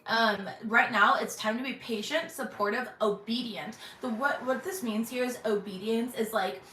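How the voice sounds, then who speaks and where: A woman hosting her channel from her bedroom, giving a casual intuitive tarot reading, chatty with many "um"s and throat-clearings. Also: a little high, moderate pace, pushed and bright. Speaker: tarot reader and channel host. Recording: echoey bedroom, faint background hum.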